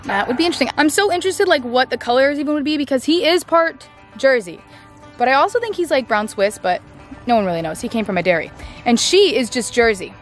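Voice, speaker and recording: A chatty young woman talks to camera outdoors on her farm. Her voice sits notably high, and she rambles with plenty of "like" and "I don't know", turning now and then to address her animals. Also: expressive, fast, soft background music. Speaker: farm vlogger. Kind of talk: casual vlog chat to camera.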